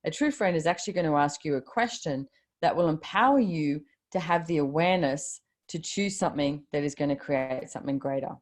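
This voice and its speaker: A woman with a low voice talks casually and gives motivational advice over a video call. She is chatty and offhand, quotes her own thoughts aloud and lets a swear word slip. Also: animated, a little fast. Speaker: host of a live video call.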